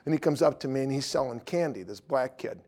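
A middle-aged man, an evangelist, preaching through lively anecdotes and acting out the dialogue. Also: mid-range voice, fast. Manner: lively storytelling, acts out dialogue.

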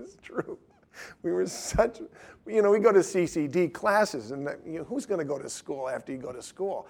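A middle-aged man tells stories in casual conversation, lurching between loud, emphatic lines and quiet, mumbled asides.

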